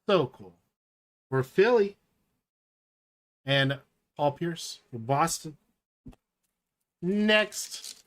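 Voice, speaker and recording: Slow-talking enthusiastic card break host. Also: mid-range voice, expressive, a bit bright. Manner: chatty, enthusiastic, reading out cards as they appear. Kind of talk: live card-opening stream commentary.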